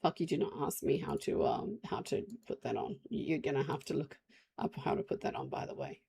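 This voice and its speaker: A woman's voice: very deep voice, expressive, fairly quick, vocal fry, dark tone, a little hiss or hum. An Australian woman chatting casually to her viewers while streaming a game, rambling from topic to topic. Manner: rambling, chatty, talks to chat while playing. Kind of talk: casual live-stream chat.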